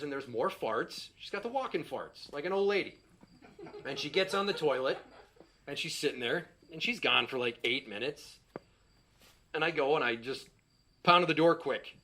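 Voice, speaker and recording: A man's voice: a little high, sharp tone. A middle-aged man doing a stand-up set, telling a profane, exasperated story and acting out the quotes. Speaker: stand-up comedian.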